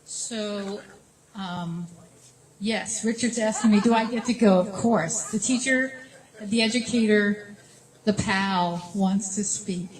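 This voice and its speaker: Friendly lady emcee passing the mic around, brisk, mid pitch. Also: low-quality recording. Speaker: program host. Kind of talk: hosting a community program.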